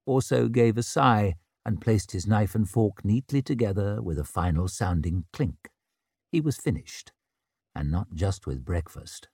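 Man, audiobook narrator, wry, expressive, animated pitch. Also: measured pace, no echo, clean studio sound. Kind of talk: scripted narration.

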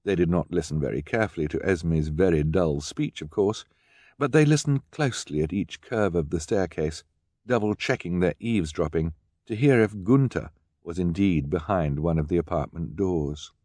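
A man's voice: low-pitched, lively intonation, normal speed, a little mellow, dry recording. A man narrating an audiobook with a dry, wry storytelling manner. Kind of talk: scripted narration.

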